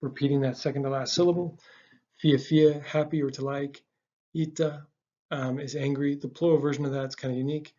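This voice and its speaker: A man giving a casual language lesson, relaxed, with frequent ums and uhs, repeating words slowly for learners. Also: mid-range voice, muffled recording. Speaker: language teacher.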